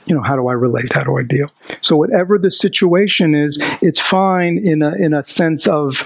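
A man's voice: fairly high pitch, gravelly, slightly rough, no room sound, low-quality recording. A man giving a Buddhist dharma talk. He keeps asking his listeners questions and drops into a whisper to stress a point. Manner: animated, asks the audience rhetorical questions. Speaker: dharma teacher.

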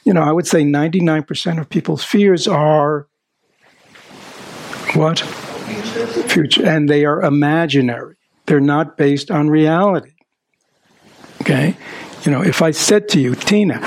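Gravelly man probing with patient questions. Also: fairly high pitch, normal speed, long pauses. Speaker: workshop speaker coaching a participant. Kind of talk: live seminar talk with audience exchange.

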